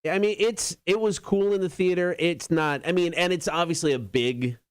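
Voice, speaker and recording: A man's voice: high-pitched, moderate pace, dry recording. A man co-hosting a radio show, trading dry jokes and reading show teasers. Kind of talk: casual radio banter.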